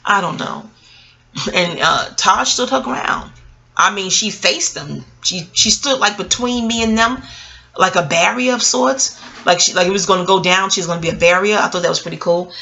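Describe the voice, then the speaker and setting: A woman's voice: medium pitch, normal speed, vocal fry, poor audio. A middle-aged woman from New City, telling a personal story in a casual, profane monologue to her viewers. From New York City. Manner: animated, profane, talks straight to viewers. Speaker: vlogger and memoir author.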